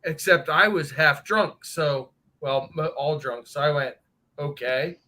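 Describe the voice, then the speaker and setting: A man's voice: fairly high pitch, a little slow, bright, forceful tone, rough recording. A man telling a long, profane story in casual chat on a livestream.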